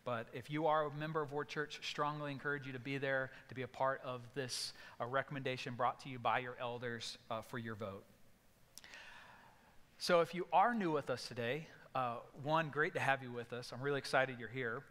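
A man's voice: mid-range voice, fairly even intonation, moderate pace, fairly bright tone, long reverb tail. A male pastor giving a sermon, telling stories and acting out voices in bursts. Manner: storytelling with sudden acted outbursts. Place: church sanctuary.

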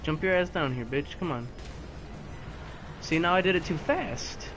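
A man's voice: fairly high pitch, a little slow, over music. A man commentating a video game live, frustrated, swearing and taunting the enemies on screen. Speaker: let's play gamer.

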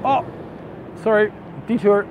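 A Canadian man narrating a casual walking tour of city streets, chatty and excitable. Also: high-pitched, takes it slowly. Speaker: vlogger. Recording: faint outdoor street noise. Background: faint traffic and street noise.

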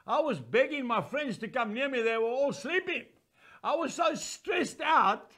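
An older man voicing Jesus as a gentle, anguished man, speaking slowly and earnestly. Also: extremely high pitch, expressive, voice pushed up, heavily acted.

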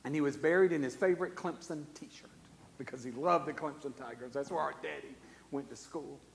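A man, preaching a sermon and telling a personal story, his voice swinging from hushed to loud. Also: fairly high pitch, a little fast, vocal fry. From South Carolina. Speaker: guest preacher. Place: church sanctuary. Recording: long church reverb.

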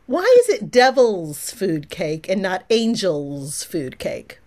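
A woman playing a lively, nitpicking friend. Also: on the low side, slow pace.

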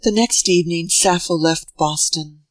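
A woman narrating an audiobook of a classic novel in a steady, measured way. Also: lowish voice, no echo, low-quality recording.

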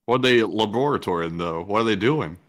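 A man's voice: on the low side, lively intonation, fast talker. A man co-hosting a show, chatting casually and making dry jokes, laughing at himself. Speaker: co-host. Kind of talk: casual banter on a live show.

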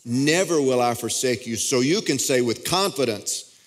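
A man preaches from the pulpit into a stage microphone, his pitch sitting in the middle range. He talks to the congregation in a conversational way and often restarts his sentences mid-thought. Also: expressive, normal speed. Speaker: pastor. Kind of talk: sermon. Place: church auditorium.

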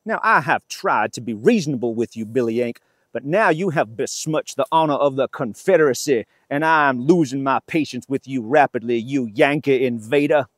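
A man's voice: mid-range voice, normal speed, dry recording, clean studio sound, lightly acted. Man playing a pompous Southern rebel, drawling, indignant, very formal. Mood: outraged. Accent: put-on Southern US. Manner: florid, formal, says "sir" a lot.

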